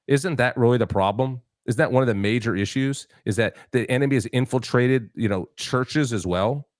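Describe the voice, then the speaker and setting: A man's voice: mid-range voice, moderate pace, no room sound, studio quality. A man hosting a political talk show, emphatic and preachy, full of restarts and rhetorical questions. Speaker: show host.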